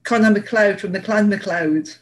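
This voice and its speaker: A woman's voice: medium pitch, normal speed, a little hiss or hum, rough recording. A woman from England, co-hosting a casual chat and rambling through stories with lots of fillers and laughs. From Northeast England. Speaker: podcast co-host.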